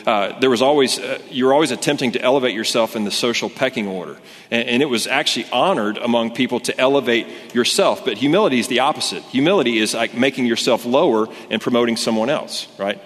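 A man's voice: mid-range voice, fast, a bit bright. A man preaching a sermon to a congregation, conversational and earnest, restarting his sentences often. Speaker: pastor. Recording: long hall reverb.

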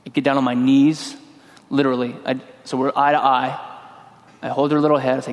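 A middle-aged man preaching a sermon in a relaxed, conversational way, telling a personal story and acting out his own lines. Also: medium pitch, a little fast. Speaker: pastor. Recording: long hall reverb.

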